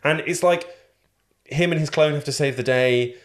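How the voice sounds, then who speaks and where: Casual man ranting about films. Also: a little high. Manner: swears freely, mimics characters in quick asides. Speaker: podcast co-host. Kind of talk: casual chat.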